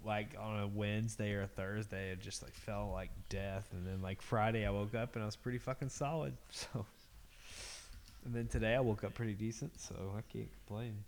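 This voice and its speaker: A man's voice: on the low side, steady tone, fairly quick, a little hiss or hum. A man hosting a podcast, talking loosely and cursing freely. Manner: loose, profane, reacting with groans and laughs. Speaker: podcast host. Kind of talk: casual chat.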